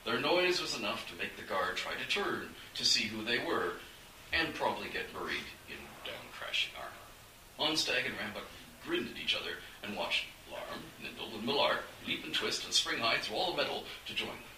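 A man narrates a fantasy adventure with a sweeping, animated pitch and a sharp, bright tone. His voice sits slightly low. He sounds set back from the mic in an echoey room with a faint hiss. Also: normal speed, distant mic. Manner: animated, dramatic storytelling. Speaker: audiobook narrator.

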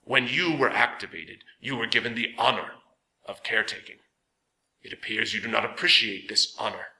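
A man intoning as a gravelly council elder. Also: fairly low pitch, pushed and bright, roomy sound, poor audio. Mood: judging. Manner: slow, measured, intoning. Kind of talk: audiobook character voice.

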